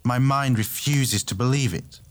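A man's voice: mid-range voice, unhurried, natural voice. An actor playing a blunt, troubled male warrior captain in an audio drama. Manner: blunt and gruff.

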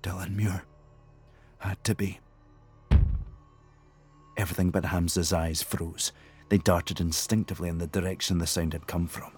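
A man narrating an audiobook thriller in a measured, tense storytelling manner. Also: deep voice, level tone, a little mellow, husky, faint music behind. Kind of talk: scripted narration.

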